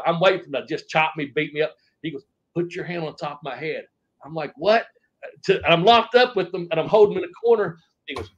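A middle-aged man spins loose, rambling anecdotes, swearing casually and slipping into quoted voices as he goes. His voice sits a little high for a man, and the podcast audio comes through muffled and lo-fi. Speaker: interview guest, former wrestler. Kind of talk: casual storytelling interview.

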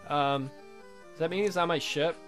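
A man giving crude, loud gameplay commentary, reading in-game dialogue aloud with silly voices. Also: on the high side, moderate pace, soft background music. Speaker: let's play commentator.

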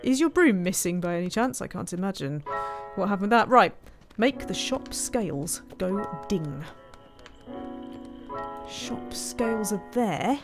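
A woman's voice: mid-range voice, lively intonation, measured pace, music in the background. A woman commenting casually as she plays a video game, chatty and often laughing, teasing the characters on screen. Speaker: gaming streamer. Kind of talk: casual let's-play commentary.

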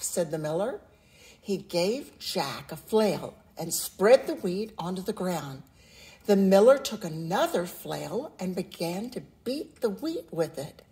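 A woman reading a children's picture book aloud in a slow, expressive storytelling manner. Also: on the low side. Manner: slow, expressive, sing-song.

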